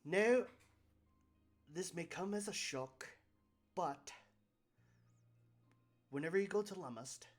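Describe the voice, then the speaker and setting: A man voicing a brash, blunt woman boss reading out her crude letter in a tabletop game. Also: fairly high pitch. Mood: bossy.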